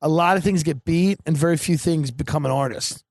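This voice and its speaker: A man's voice: on the high side, fairly quick, darkish tone, no room sound. A man hosting a podcast, chatting casually and riffing provocatively with crude jokes. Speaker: podcast host. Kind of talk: casual comedic chat.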